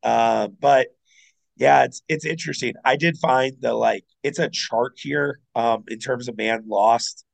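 A man co-hosting a podcast, chatting casually about basketball, excitable and quick to swear. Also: vocal fry, poor audio. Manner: excitable, swears, jumps in with rising pitch. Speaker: podcast co-host. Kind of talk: casual sports chat.

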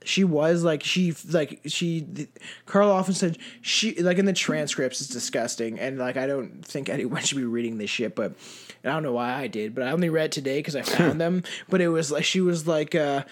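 A man's voice: fairly high pitch, a little fast. A man hosting a casual true-crime chat, swearing freely and rambling through frequent restarts. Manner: profane, rambling, restarts often. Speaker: podcast host.

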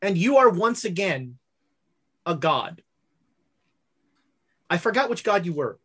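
A woman's voice: lowish voice, big pitch swings, slow, a bit bright, slightly rough. A woman narrating as game master of a tabletop game, rambling with fillers and corrections.

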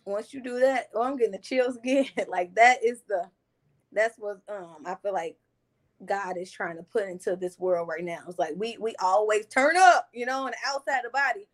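A woman's voice: medium pitch, moderate pace. A woman who is a guest on a podcast, speaking in an earnest, reflective way in a casual conversation.

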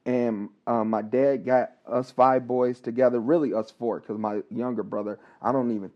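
A man, a licensed counselor, telling a personal story on a podcast, talking haltingly with pauses, restarts and repeated words. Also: medium pitch, steady tone. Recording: dull, slightly lo-fi recording.

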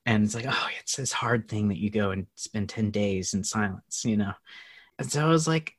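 Animated man telling a story. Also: medium pitch, moderate pace. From United States. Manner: animated, laughs often, acts out quotes. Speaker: guest. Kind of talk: casual storytelling interview.

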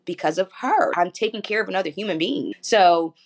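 A woman's voice: medium pitch, animated, a little fast. A woman in her forties talks openly as an interview guest. She tells her stories with animation and laughs often along the way. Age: 40s. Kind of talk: casual chat.

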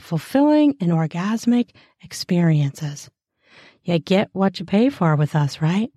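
A woman reading explicit first-person fiction aloud, with a slow, deliberate delivery and crude, mocking asides. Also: on the low side, mellow, no echo, studio quality.

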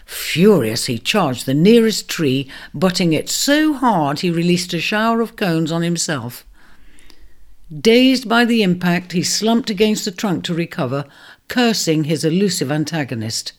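A storyteller reading a children's fantasy tale in an expressive narration. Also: medium pitch, a little slow.

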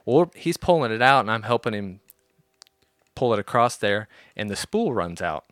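A man telling a story on a podcast in a casual, animated and profane way. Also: on the low side, normal speed, no room sound, studio quality.

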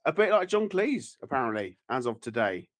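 A man's voice: medium pitch, very animated, brisk. Teasing, rambling male podcast co-host. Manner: rambling, teasing, laughs a lot. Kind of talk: casual podcast chat.

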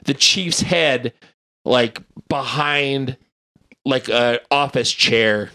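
A man's voice: medium pitch, extremely slow, sharp tone. A man from the United States chatting casually on a podcast, rambling with lots of fillers and laughs. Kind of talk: casual chat.

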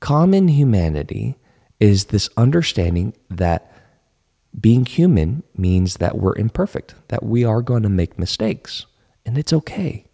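Man teaching golfers online, husky, lively pitch, repeats key phrases slowly.

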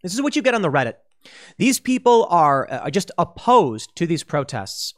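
Animated, lively male political commentator. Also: a little high, moderate pace. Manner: animated, emphatic, with restarts and quoted asides. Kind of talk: opinion commentary.

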